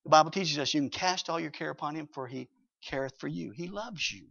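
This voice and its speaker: A man preaching a sermon with emphasis, swinging between loud passages and hushed ones and reading scripture aloud. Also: on the high side, animated, brisk, creaky. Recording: dull lo-fi recording.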